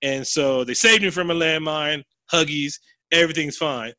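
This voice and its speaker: Guy retelling a movie scene, bright forceful voice, dry close sound, acts out all the lines. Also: fairly high pitch, normal speed, dry recording. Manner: animated storyteller, acts out quotes, swears, laughs often. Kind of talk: casual film recap chat.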